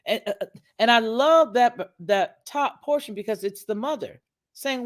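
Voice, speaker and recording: A woman talks through a video review like a sermon, emphatic and preacherly as she quotes scripture. Her pitch sits in a middle range but swings widely, rising and falling to press each point home. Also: expressive, normal speed. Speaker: online commentator. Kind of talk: religious video commentary.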